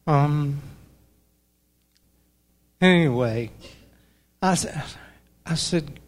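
An older man, a church member, giving a personal testimony in an earnest, halting way with many fillers. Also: fairly high pitch. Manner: earnest, pauses often with fillers. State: emotional, voice breaking.

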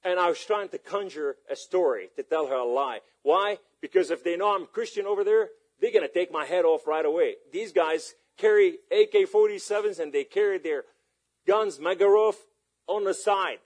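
Husky impassioned male preacher. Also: high-pitched, normal speed. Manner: impassioned, rising to shouts. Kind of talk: sermon storytelling.

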